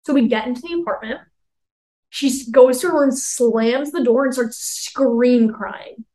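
A woman's voice: a little high, a little slow, mellow, poor audio. A young woman in her twenties co-hosting a podcast, telling a rambling story full of "like" and acted-out quotes. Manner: rambling, heavy use of "like", acts out quotes. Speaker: podcast co-host. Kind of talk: casual storytelling chat.

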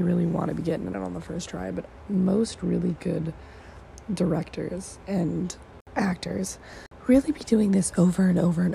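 Gravelly-voiced woman rambling on her podcast. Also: fairly low pitch, dark tone, a little hiss or hum. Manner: rambling, self-mocking, quick asides. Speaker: podcast host. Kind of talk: casual solo podcast chat. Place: at home, part recorded in morning sun.

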